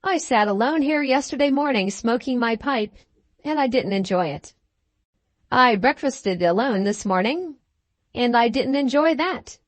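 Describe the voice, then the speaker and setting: A woman reading the part of a blunt, plain-spoken gentleman farmer in an audiobook, with an earnest, emphatic manner. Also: on the high side, expressive, measured pace, dry recording, pitched above the performer's own voice.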